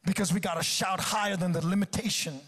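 High, husky-voiced male preacher. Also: fairly even intonation, fast, a bit bright. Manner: exhorting, repetitive and emphatic. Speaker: guest preacher. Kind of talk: sermon. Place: church service.

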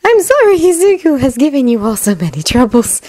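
A woman voicing a kind mother who speaks softly with a hint of amusement. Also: very high voice, moderate pace, no room sound, voice pushed up. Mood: amused. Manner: soft, amused, apologetic.

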